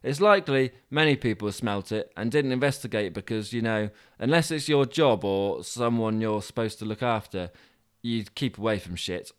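A man narrating a comic story with dry, deadpan asides. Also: lowish voice, normal speed, smooth. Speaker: podcast host and storyteller.

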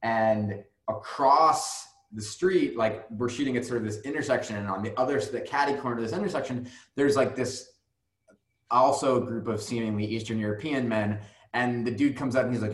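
A man's voice: medium pitch, a little fast. A man guest telling a long story casually, rambling with plenty of fillers and swearing. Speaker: music video director, guest. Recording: roomy echo.

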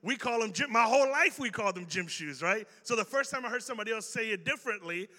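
This youth sermon comes from a young Chicagoan with a Chicago accent, who keeps it casual and animated while dramatizing quoted dialogue. His high voice moves at a quick pace, echoing in a long hall reverb.

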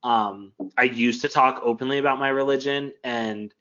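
A man of medium pitch talks openly and earnestly, circling back through his thoughts with frequent fillers. The recording is slightly dull and lo-fi. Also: fairly even intonation, moderate pace, a bit bright. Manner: open, earnest, rambling with many fillers. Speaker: mentor and teacher. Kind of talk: casual conversation.

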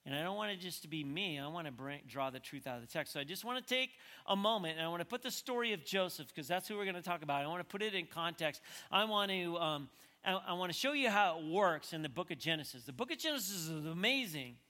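A man preaching a sermon as pastor. He talks conversationally and swings from quiet stretches to emphatic peaks. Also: on the high side, lively intonation, fast talker. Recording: long hall reverb.

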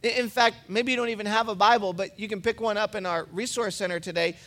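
A pastor with a high-pitched voice gives a sermon from the pulpit. He preaches in a relaxed, conversational manner and weaves personal stories into his points. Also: quick pace.

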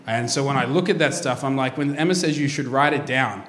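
A man hosting a casual chat, an animated storyteller who laughs often. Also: medium pitch, brisk. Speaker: host. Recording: echoey room with faint ambience.

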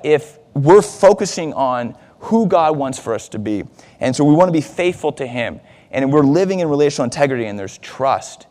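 A man's voice: a little high, darkish tone. A man, a pastor, giving a casual, self-deprecating sermon in a church, with fillers and asides. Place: church sanctuary. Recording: long reverb of a church hall.

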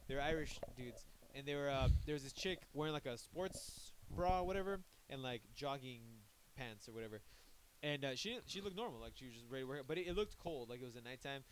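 A man's voice: mid-range voice, lively intonation, fast, a little hiss or hum. A man co-hosting a podcast, telling a rambling story in casual chat, full of "like" and restarts. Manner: rambling storyteller, heavy use of "like". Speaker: podcast co-host.

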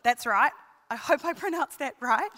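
A woman preacher giving an emphatic sermon, repeating key phrases and building to passionate shouting. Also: sits high, animated, normal speed. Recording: long hall reverb.

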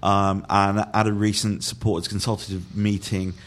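A man's voice: on the low side, level tone, a bit bright. A man on a football podcast, speaking carefully with lots of restarts and hesitations. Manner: halting, many restarts, careful. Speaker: podcast guest. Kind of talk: casual football podcast chat.

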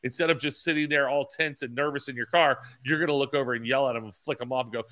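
A man's voice: medium pitch, steady tone, fast talker, fairly bright tone, dry recording. A man co-hosting a casual podcast, telling rambling stories and acting out what people said, with stammers and restarts. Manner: rambling storyteller, acts out quotes with stammers. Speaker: podcast co-host.

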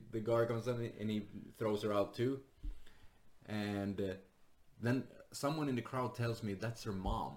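A man's voice: fairly low pitch, normal speed, a little mellow. A man, a stand-up comedian, telling a story in casual chat, laughing often and swearing freely. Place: Sweden.

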